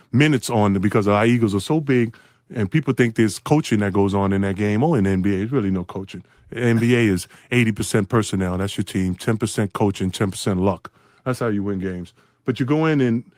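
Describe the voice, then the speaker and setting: A man, a former basketball player, telling a blunt, relaxed anecdote on a podcast. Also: fairly low pitch, no echo, studio quality. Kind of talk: podcast storytelling.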